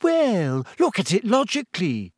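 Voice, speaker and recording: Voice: medium pitch, wildly swooping pitch, a little slow, dry recording, voice pushed up. An earnest, bookish teenage girl, as an audiobook reader puts her on, speaks in a raised voice. She sounds hesitant and careful. The sound is dry and close. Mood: reasoning. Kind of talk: audiobook character voice.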